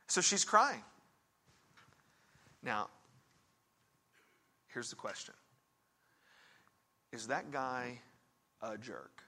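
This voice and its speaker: A pastor and counselor preaches a sermon, telling a story conversationally and asking his listeners direct questions as he swings between hushed and emphatic. His mid-range voice is very animated, extremely slow, and full of frequent pauses.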